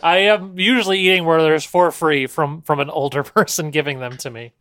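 A woman co-hosting a podcast, chatting casually with a wry edge and quick to push back. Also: low-pitched, steady tone, fairly bright tone, no echo, clean studio sound. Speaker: podcast co-host. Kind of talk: casual comedic chat.

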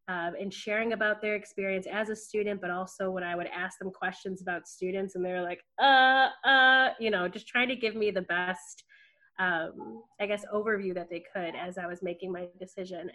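A woman who works in student affairs gives an earnest, heartfelt tribute as a podcast guest. She is soft-spoken, with a medium pitch and many fillers.

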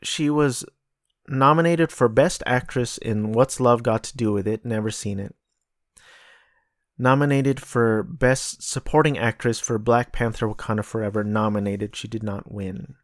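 A man's voice: mid-range voice, measured pace, no echo, clean studio sound. A man chatting casually and bluntly, thinking aloud and running through a list of nominees. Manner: blunt, offhand, swears. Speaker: host. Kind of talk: casual chat.

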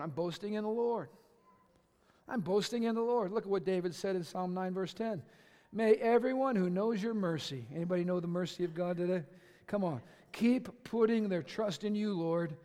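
A male pastor preaching a sermon with passion, swinging from shouts to conversational asides with the congregation. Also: high voice. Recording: long hall reverb.

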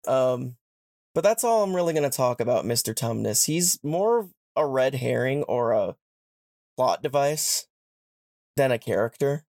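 A man's voice: mid-range voice, big pitch swings, darkish tone, no echo. A young man hosts a podcast, retelling a plot in a loose, chatty way. His voice sits in a middle register. The sound is dry and close, with no room around it. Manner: retells the plot with quick put-on character voices. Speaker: podcast host. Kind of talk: casual chat, retelling a story.

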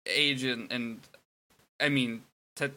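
Brief: man, co-host, dry wit, very bright tone. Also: medium pitch, steady tone, slow. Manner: dry, wry, joking. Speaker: podcast co-host. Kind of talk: casual chat.

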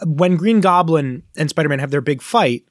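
Animated man geeking out on comics. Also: fairly high pitch, no echo, studio quality. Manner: animated, nerdy explaining with quick asides. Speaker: podcast co-host. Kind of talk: casual chat.

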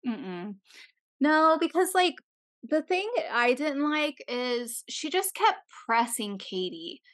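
A woman co-hosting a casual podcast, her voice sitting a little high. She talks expressively, swears and acts out quotes from other people. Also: big pitch swings, slow, fairly bright tone. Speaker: podcast co-host. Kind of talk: casual chat.

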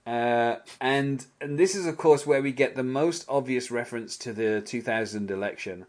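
A man's voice: medium pitch, moderate pace. Chatty man musing on a TV episode. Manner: rambling, hedging with "kind of", laughs often. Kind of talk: casual chat.

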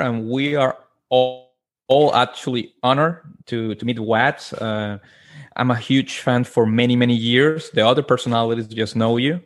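A man on a casual podcast, speaking in an earnest, enthusiastic way. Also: medium pitch. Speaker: podcast co-host.

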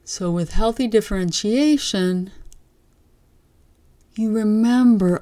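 A woman gives a dharma talk in a slow, gentle, reflective manner, letting long pauses hang between phrases. Her voice is low and mellow. The sound is close and dry. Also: dry recording. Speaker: meditation teacher.

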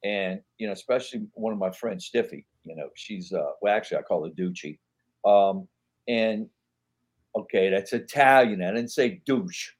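Ein älterer Mann, der als Gast locker und lebhaft Anekdoten erzählt und dabei oft flucht. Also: male voice, on the low side, normal speed. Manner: animated anecdotes, frequent swearing. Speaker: guest actor. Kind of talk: casual storytelling chat.

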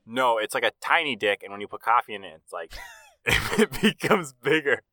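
Bright-voiced joking young man. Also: medium pitch, expressive, no echo. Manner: quick jokey interjections. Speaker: podcast co-host. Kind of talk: casual podcast banter.

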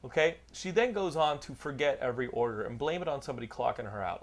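A man's voice: medium pitch, expressive, quick pace. Profane rambling male podcast host. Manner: profane, rambling anecdote teller. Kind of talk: casual storytelling chat.

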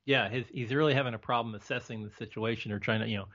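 A man's voice: medium pitch, steady tone, rapid-fire, fairly bright tone. A man talking as a podcast guest, chatty and hesitant, with lots of "um" and restarts. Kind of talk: casual movie discussion. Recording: slightly muffled lo-fi recording.

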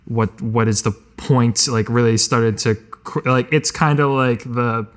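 A man's voice: mid-range voice, fairly even intonation, unhurried. A man playing a tabletop role-playing game, rambling and thinking aloud with many fillers. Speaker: tabletop player. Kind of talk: casual in-character musing.

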